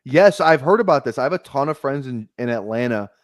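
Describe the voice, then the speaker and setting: Animated Minnesotan man, dry close mic. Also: mid-range voice, fairly quick, dry recording. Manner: animated, excitable storyteller. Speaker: fantasy football drafter. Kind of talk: casual chat on a live stream.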